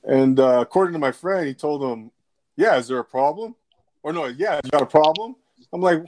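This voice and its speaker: A man's voice: fairly high pitch, animated, normal speed. A man in casual chat, retelling an anecdote in a rambling way, repeating words and acting out quotes.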